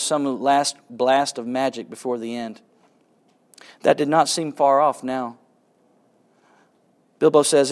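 A man giving a literature lecture, reading passages aloud with dramatic swings between excitement and hushed quiet. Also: fairly high pitch. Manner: dramatic reading, rising with excitement and dropping to a hush.

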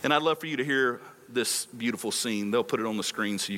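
A man's voice: mid-range voice, fast, bright, forceful tone. A male pastor preaching a sermon on a microphone in a large church hall, with passionate delivery and lots of rhetorical repetition.

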